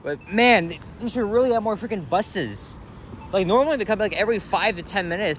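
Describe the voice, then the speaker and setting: This walking vlogger from Canada has a high-pitched, expressive voice and speaks fairly quickly as he narrates a dawn walk down a city street. He rambles casually, using many fillers and the odd swear word. The sound comes from a handheld camera mic, with faint outdoor street noise.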